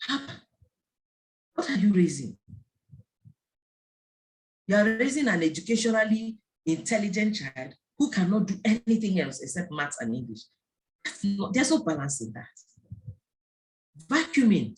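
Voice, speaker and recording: A woman's voice: on the low side, normal speed, long pauses. A woman giving an online talk to parents, telling stories and acting out the voices of the people in them. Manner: lively storytelling, acting out quoted voices. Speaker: parenting speaker. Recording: faint background noise and clicks.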